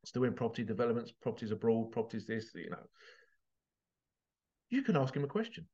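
A passionate man talks straight to his viewers about jealousy and pushing forward, swearing freely and choking up with emotion. His voice sits at an ordinary middle pitch, and the recording sounds a little muffled. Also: big pitch swings, brisk, mellow. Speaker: motivational vlogger. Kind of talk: emotional motivational monologue.

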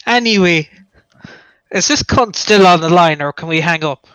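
A hot-tempered Irish call-center agent, put on by a man in a thick, exaggerated brogue, spitting curses and taking offense at everything. The voice is bright and lively, swinging up and down in pitch. It sits close and dry against the mic. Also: moderate pace, clean tone, dry recording. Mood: boozy. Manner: swearing, indignant, rising to shouts. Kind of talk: improvised prank-call comedy.

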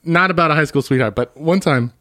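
A man's voice: on the high side, a little fast, sharp tone, dry recording, studio quality. A young man co-hosting a casual movie podcast, telling rambling jokey stories full of restarts. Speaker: podcast co-host.

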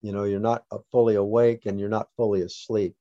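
A man being interviewed, recounting a personal story about his son in a halting way with restarts. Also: on the low side, little pitch movement, mellow, no room sound, lo-fi sound. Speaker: interview guest, father.

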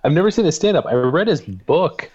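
A man co-hosting a casual podcast chat, relaxed and agreeable. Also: fairly high pitch, fairly quick, slightly rough, muffled recording. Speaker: podcast co-host.

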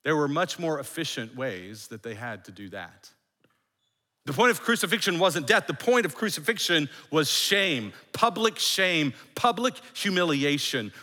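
A man preaching a sermon as a pastor, emphatic, repeating phrases and dropping to a hush for effect. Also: on the high side, big-room sound. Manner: emphatic, with repeated phrases and dramatic hushed drops.

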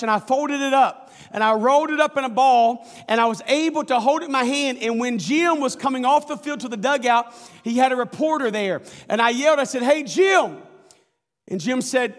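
A man preaching a sermon, telling a story with animated, folksy asides to the congregation. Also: very high-pitched, in a large hall. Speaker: pastor.

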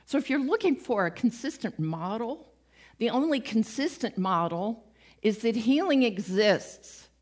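A woman giving a conversational sermon, retelling stories with acted-out quotes and a light, self-mocking humor. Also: mid-range voice. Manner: lively storytelling, acts out quoted voices, laughs at herself. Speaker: preacher.

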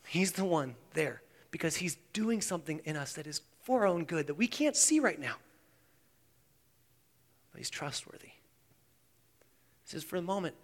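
A male pastor preaches in a high, light voice that rings with the long reverb of a church sanctuary. He shifts between hushed intensity and loud, animated emphasis.

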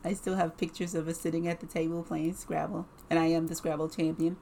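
Lower-voiced woman telling a personal story. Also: fairly quick, creaky, a little hiss or hum. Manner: animated, frequent "like" and laughter.

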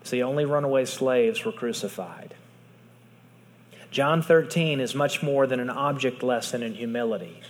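Earnest preacher in a reverberant hall. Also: male voice, mid-range voice, normal speed. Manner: earnest, drops to soft hushed tones for emphasis. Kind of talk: sermon. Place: large hall with audience.

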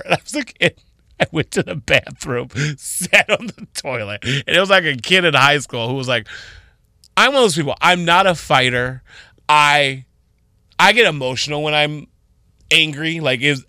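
Bright-voiced man telling a story. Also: a little high, moderate pace, no room sound, clean studio sound. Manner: animated, dramatic storyteller. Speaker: retail worker guest. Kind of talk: casual storytelling on radio.

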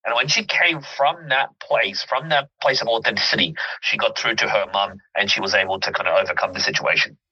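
A man's voice: lowish voice, brisk, few pauses, pushed and bright. A man, a mindset coach, speaking as an interview guest, explaining earnestly with examples and often checking that the listener follows. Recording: dull lo-fi audio.

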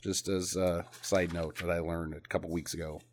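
A young man co-hosting a podcast, joking loudly about a bad movie, laughing often and swearing freely. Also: low voice, level tone, moderate pace, slight background noise. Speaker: podcast co-host. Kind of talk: casual bad-movie commentary.

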